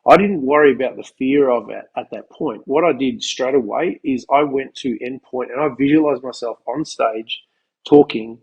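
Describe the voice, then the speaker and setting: A man with a husky, slightly breathy voice explains ideas on a podcast. He talks like a coach, often restarting his sentences as he builds up to his point. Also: mid-range voice, normal speed, muffled recording. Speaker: podcast co-host. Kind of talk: conversational podcast chat.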